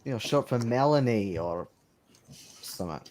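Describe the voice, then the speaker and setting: A man's voice: mid-range voice, expressive, moderate pace, noisy background. A man playing a tabletop game, making crude, dry jokes in casual chat. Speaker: player.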